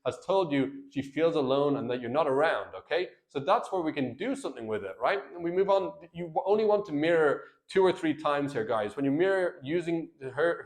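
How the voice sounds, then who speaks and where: Man coaching husbands in plain speech. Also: a little high. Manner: earnest, plain-spoken, addresses viewers as guys and brother. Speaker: marriage coach. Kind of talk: direct-to-camera coaching talk.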